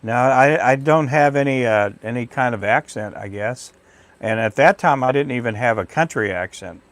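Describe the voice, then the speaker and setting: A man's voice: mid-range voice, normal speed, dry recording. A middle-aged man from Texas hosting a casual livestream, rambling and chatty as he thanks viewers by name. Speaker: livestream host. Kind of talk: casual live chat with viewers.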